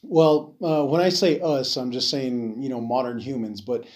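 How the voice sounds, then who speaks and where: Rambling man with a mellow, dark voice. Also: mid-range voice, fairly even intonation, normal speed. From Navajo reservation. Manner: rambling, many fillers and restarts, casual swearing. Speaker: podcast host. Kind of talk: rambling solo podcast monologue.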